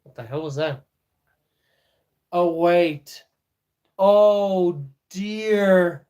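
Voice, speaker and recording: A man's voice: high voice, drawn-out words, dark tone. A man streaming live, chatting casually with viewers, laughing often and talking to his dog.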